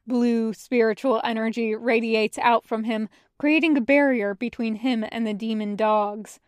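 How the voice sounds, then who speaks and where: A woman reading a fan fiction story aloud as a podfic, in a measured storytelling way. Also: fairly high pitch, steady tone, clear, resonant tone, no room sound. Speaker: podfic reader. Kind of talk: audiobook narration of fan fiction.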